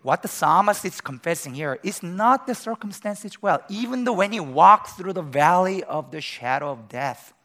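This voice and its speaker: A man preaching a sermon to students, telling a story with sudden loud bursts. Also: fairly high pitch. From Korea. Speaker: pastor.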